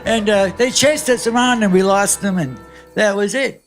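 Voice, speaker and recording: On a comedy club stage, an older man appearing as a guest comic tells a long, wandering, profane tale in a high voice at a moderate pace. He chuckles at his own jokes, and the live recording picks up the crowd and music.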